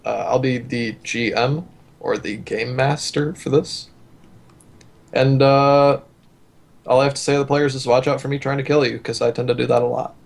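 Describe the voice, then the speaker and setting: A man introducing himself as game master in a casual voice chat, relaxed and teasing. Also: medium pitch, moderate pace, creaky.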